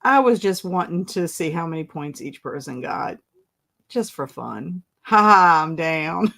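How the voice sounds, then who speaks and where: A woman's voice: fairly low pitch, lively intonation, a little slow, vocal fry, fairly bright tone. A woman hosting a casual live stream, reading chat comments aloud and breaking into laughing fits. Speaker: livestream host.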